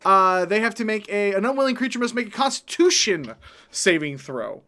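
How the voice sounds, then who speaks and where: High-voiced casual male player. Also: sing-song, normal speed, sharp tone. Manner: casual, rambling, full of fillers. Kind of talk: tabletop game chat.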